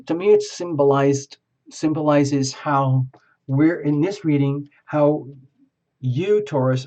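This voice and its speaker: A man giving a tarot reading in a rambling, halting, effusive way. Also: mid-range voice, a little mellow, muffled recording. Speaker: tarot reader.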